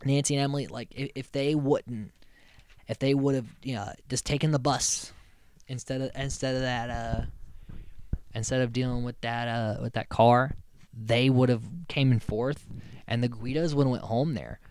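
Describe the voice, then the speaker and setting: A man's voice: medium pitch, steady tone, moderate pace, a little mellow, smooth, no echo. Rambling, profane man recapping a show. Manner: rambling, profane, loose storytelling. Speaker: podcast host. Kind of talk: casual reality-show recap.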